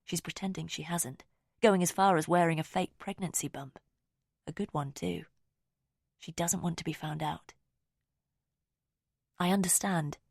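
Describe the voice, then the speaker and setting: Low, gravelly woman narrating an audiobook. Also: fairly even intonation, no room sound, clean studio sound. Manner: quiet, measured and intimate. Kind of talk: first-person audiobook narration.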